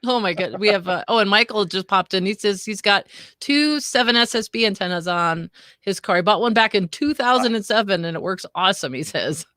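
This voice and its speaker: A woman's voice: mid-range voice, lively intonation, fairly quick, a bit bright, no room sound, clean studio sound. A woman hosting a casual show, reading out viewer comments and laughing along. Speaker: host. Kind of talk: casual chat.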